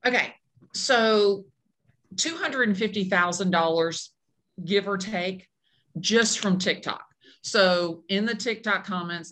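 A woman's voice: mid-range voice, slow pace. A woman in her fifties, a real estate agent, chatting in an interview and acting out the people she quotes. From Atlanta, Georgia. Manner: animated storyteller acting out quotes. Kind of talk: casual interview chat.

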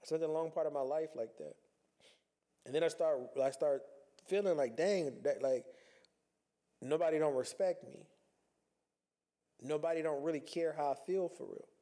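A man's voice: a little high, moderate pace, pauses often, warm tone. A man talking earnestly in a reflective personal monologue, conversational and repeating himself as he works through his thoughts.

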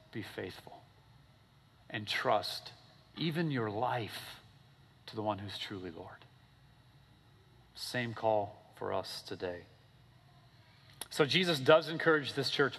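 Man, pastor, casual animated sermon, storytelling, long hall echo. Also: slow pace, pauses often, husky. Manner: animated storytelling, acting out characters with big pitch swings; casual, with fillers like "okay?" and "right?".

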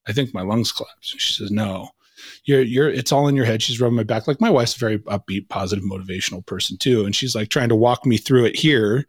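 A man in his forties, a podcast guest, telling a personal story with vivid quoted dialogue and dropping to a hushed tone at intense moments. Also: lowish voice, quick pace, breathy edge, dry recording, studio quality. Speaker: podcast guest, leadership coach.

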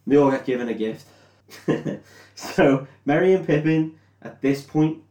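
A man's voice: fairly high pitch, measured pace, dark tone. A drunk young man, recapping a film in rambling, sweary casual chat, often unsure of details. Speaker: podcast co-host. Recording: roomy echo.

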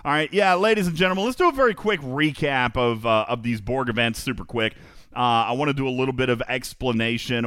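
A man hosts a live gaming podcast, energetic and emphatic, repeating phrases for effect and addressing his co-host and listeners directly. His pitch is medium, and the sound is clean studio audio with no echo.

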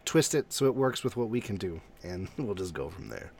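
Animated male podcast host. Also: low voice, fairly quick, a little hiss or hum. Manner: animated, laughing a lot. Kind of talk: casual chat.

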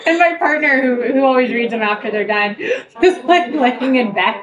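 A woman's voice: on the high side, lively intonation, normal speed, a crowd in the background. A middle-aged woman, an author, telling stories to fans in a casual group interview, laughing often. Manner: chatty, laughing storyteller. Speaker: author answering fan questions. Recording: far from the mic with clear background noise.

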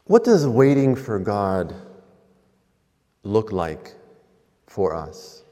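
A man preaching a sermon in a church, telling stories slowly with pauses. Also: on the low side, sing-song, mellow. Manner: slow, storytelling with pauses. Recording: long hall reverb.

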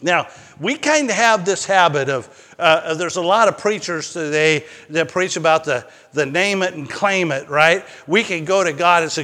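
A man's voice: on the high side, unhurried, bright, forceful tone, big-room sound. A male pastor preaching a sermon, mixing personal stories with emphatic, rising declarations.

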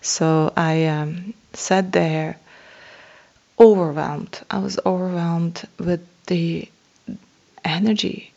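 A woman with a lowish voice tells a personal spiritual story, earnest and awed, and often pauses with soft laughs. The recording is dull and lo-fi. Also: steady tone, creaky. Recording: dull lo-fi sound.

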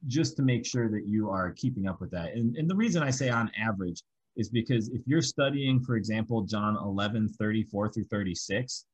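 Bible study teacher, male, husky and low, walks through examples step by step. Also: fairly quick, poor audio.

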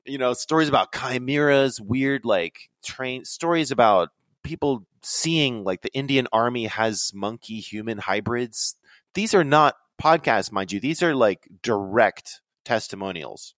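Rambling, animated man on a dry mic. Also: mid-range voice, a little slow, dry recording. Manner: rambling, animated, slips into quoted voices. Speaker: podcast guest. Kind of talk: casual storytelling.

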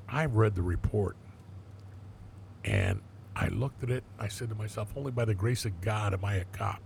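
A man's voice: lowish voice, very animated, moderate pace, vocal fry, darkish tone, a little hiss or hum. An older man, a former police detective, telling blunt, profane stories in a casual interview and acting out the dialogue.

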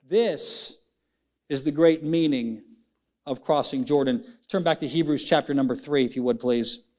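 A young adult man preaching a sermon in a church, rising and falling dramatically, stretching words out for emphasis. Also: a little mellow. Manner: preaching with big swings of pitch, dramatic slowdowns. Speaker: pastor. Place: church sanctuary.

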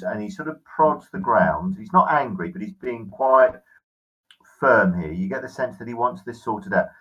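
A man's voice: on the low side, expressive, normal speed, slightly rough, muffled recording. A man narrating a tabletop game as game master, with hesitant, apologetic asides.

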